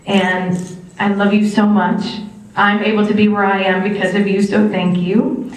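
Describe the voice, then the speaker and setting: A woman in her thirties from New Jersey tells students an animated personal story. She acts out quotes, jumping high in pitch. She is recorded from a distance in a big, echoey theater. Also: moderate pace. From New Jersey, USA. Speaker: alumna actress giving a talk. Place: large theater. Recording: very echoey theater, mic from far off.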